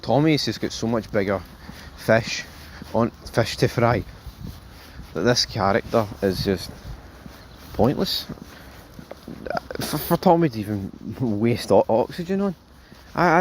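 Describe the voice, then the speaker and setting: A man hosting a casual TV review, rambling and animated, swearing freely and calling viewers folks. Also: medium pitch, a little slow, slight background noise. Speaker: show host, TV reviewer.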